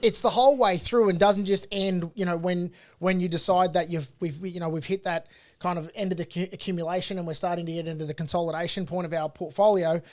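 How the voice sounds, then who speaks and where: An Australian man with a high-pitched voice speaks in a studio podcast. He is earnest and emphatic, restarting phrases as he drives his advice home, with the odd swear word. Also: fairly even intonation, fast talker, darkish tone. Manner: earnest and emphatic, repeats himself. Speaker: property coach and co-host. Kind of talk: casual studio podcast chat.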